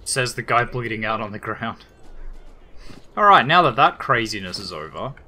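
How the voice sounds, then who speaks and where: Aussie male let's-player, animated and bright, chatty and a bit sweary. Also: medium pitch, normal speed. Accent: Australian. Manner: chatty, rambling, casually profane. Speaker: let's play gamer. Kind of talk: casual gameplay commentary.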